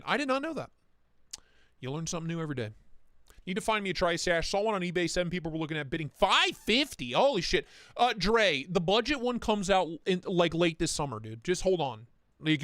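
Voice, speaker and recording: A man's voice: high voice, expressive, a little fast, a bit bright, no echo, studio quality. A young man hosting a casual livestream, chatting loosely with his viewers, swearing freely and reading their comments aloud. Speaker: livestream host.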